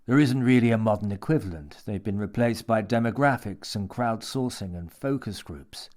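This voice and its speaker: A man voicing a menacing, theatrical mad old man who talks in a smooth, coaxing, lecturing way. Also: lowish voice, normal speed, a little mellow, natural voice.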